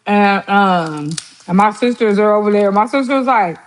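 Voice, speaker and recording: With an expressive mid-range voice at normal speed, a woman hosts a casual livestream as she cooks. She tells family stories in a chatty style, laughs often, and imitates her relatives.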